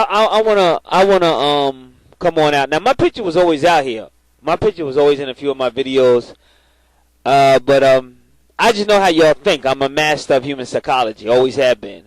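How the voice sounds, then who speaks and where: A man's voice: mid-range voice, no room sound, poor audio. A man giving spiritual advice to his viewers in a blunt, profane, preachy way, often repeating words as he starts. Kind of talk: casual spiritual talk to camera.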